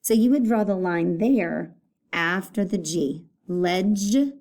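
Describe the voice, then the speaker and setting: Woman teacher, unhurried and patient, warm low-key tone, repeats each word for young pupils. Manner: slow, patient, repeats words to sound them out. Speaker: elementary school teacher. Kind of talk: recorded phonics lesson for children.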